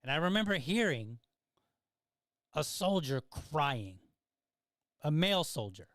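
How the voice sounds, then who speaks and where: A man's voice: on the high side, very animated, slow pace, fairly bright tone, no room sound, studio quality. A middle-aged man hosting a podcast, telling stories in a casual monologue and often checking in with "right?". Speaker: podcast host.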